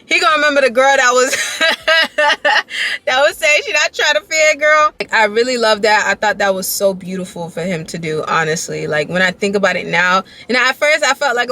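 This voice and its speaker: A young woman tells a story to her camera in a bright, slightly high voice. She rambles with excitement and keeps reaching for "like" and "y'all" as she goes. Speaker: dance vlogger. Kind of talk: casual storytelling vlog.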